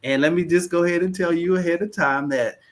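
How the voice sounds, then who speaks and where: Guy hosting a podcast, bit higher voice, hyped and encouraging. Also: fast. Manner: enthusiastic, encouraging interviewer. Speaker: podcast host. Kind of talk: podcast interview.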